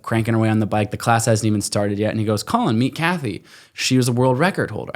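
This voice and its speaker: A man in his thirties telling a story in a casual interview, full of fillers and acting out other people's lines. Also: medium pitch. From United States. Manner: animated, acts out quoted voices, many fillers. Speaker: guest.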